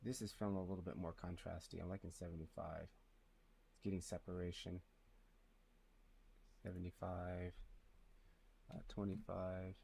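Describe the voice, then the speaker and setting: A deep-voiced man with a gravelly edge talks low and quietly, half to himself, as he works through a live 3D render. Faint noise and mouse clicks sit behind his voice. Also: flat delivery, moderate pace, pauses often. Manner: speaks low and quiet, muttering numbers to himself. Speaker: 3D artist streaming live. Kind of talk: thinking aloud while working.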